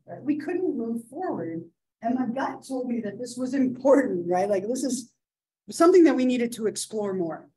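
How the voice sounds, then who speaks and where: A woman in her thirties lectures a psychology class in an easy, chatty way. She keeps checking in with "right?" and fills pauses with "uh" and "um" as she tells a case story. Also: a little high, big pitch swings, dark tone, a little hiss or hum, low-quality recording. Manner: chatty, many fillers and "right?" asides. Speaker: psychology instructor.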